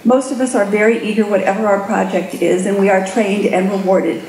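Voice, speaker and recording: A middle-aged woman giving a conference keynote, an animated storyteller who acts out her own inner voices. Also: medium pitch, brisk, slight background noise. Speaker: keynote speaker. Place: conference room with an audience. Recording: echoey room with faint ambience.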